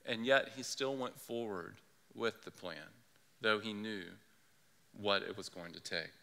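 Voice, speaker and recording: A man's voice: fairly low pitch, unhurried, vocal fry, bright, forceful tone, long reverb tail. A male pastor preaching a sermon in an earnest, conversational way. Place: church sanctuary.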